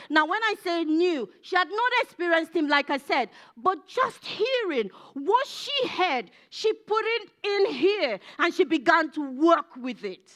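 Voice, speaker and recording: A woman preaches in a high voice that swoops widely. She repeats her points for emphasis, pushing to fervent peaks before dropping low again. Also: sing-song, unhurried, few pauses, a bit bright. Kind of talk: sermon. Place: church.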